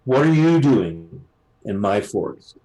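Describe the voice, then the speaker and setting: A man voicing a fierce, scrawny teenage girl archer who speaks gruffly and menacingly in a tabletop game. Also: lowish voice, very animated, slow, mellow, heavily acted, low-quality recording.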